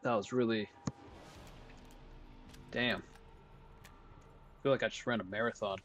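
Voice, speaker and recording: Excitable young man commentating gameplay. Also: on the low side, takes it slowly, soft background music. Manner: excitable, jokey, talks to himself. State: voice starting to go hoarse. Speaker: gaming commentator.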